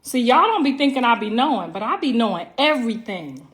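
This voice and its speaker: Brash, high-voiced woman on a livestream. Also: very animated, a little fast, a bit bright. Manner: brash, profane and teasing, talking straight to viewers. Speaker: livestream host. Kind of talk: casual livestream chat. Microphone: phone livestream.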